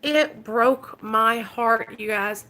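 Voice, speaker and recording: Bright-voiced woman vlogger. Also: a little high, drawn-out words. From Arkansas. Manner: emotional, talks straight to viewers. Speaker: recovery vlogger. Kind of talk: casual storytelling vlog.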